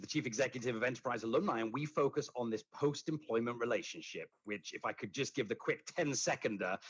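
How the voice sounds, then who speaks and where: A man's voice: medium pitch, a bit bright, breathy edge, lo-fi sound. A British man as an interview guest, chatting casually and making wry jokes. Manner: witty, jokes about his accent. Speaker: podcast guest.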